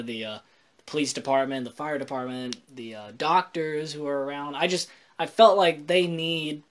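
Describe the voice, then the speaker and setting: A man talks to camera on a faith vlog in a relaxed, chatty way. He explains scripture in plain everyday words and keeps slipping in jokes at his own expense. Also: on the high side. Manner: joking, chatty, self-deprecating asides. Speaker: Christian vlogger. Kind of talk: casual faith vlog talk.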